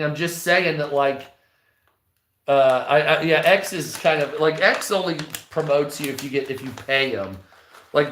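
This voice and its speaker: Profane ranting man with a bright, echoey voice. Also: a little high, a little hiss or hum. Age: 40s. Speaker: livestream host. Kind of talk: casual livestream monologue.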